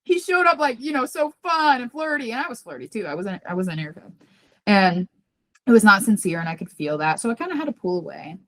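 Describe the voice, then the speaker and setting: A woman guesting on a podcast as a psychic medium, telling a candid personal story in an earnest, confiding way and acting out the voices she quotes. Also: fairly quick. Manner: earnest and confiding, talks about herself by name; animated, jumps high when acting out quoted voices.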